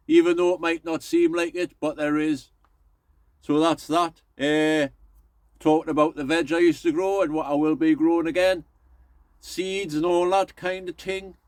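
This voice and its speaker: Middle-aged vlogger, rambling and folksy, talks a touch high, dry and close. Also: male voice, no echo. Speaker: allotment vlogger. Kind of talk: casual chatty vlog.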